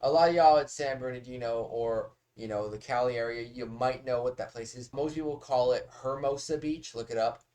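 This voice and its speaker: A man's voice: mid-range voice, brisk, few pauses, mellow. A man hosting a reaction video, talking casually in a rambling, talkative way and swearing often.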